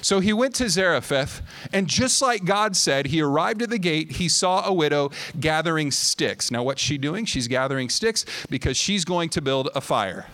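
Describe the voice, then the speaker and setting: A young male preacher with a high, bright-sounding voice delivers a lively sermon. He tells the story with energy, acting out each quote and climbing to loud, near-shouted climaxes. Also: moderate pace, hardly any pauses, no echo.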